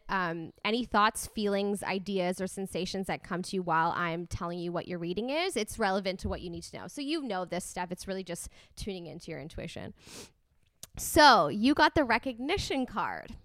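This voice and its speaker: A woman's voice: fairly low pitch, animated, fairly quick, few pauses, fairly bright tone, dry recording. A young woman with a Canadian Toronto accent hosting a podcast, chatting enthusiastically and reading cards. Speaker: podcast host. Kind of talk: casual chat and card reading.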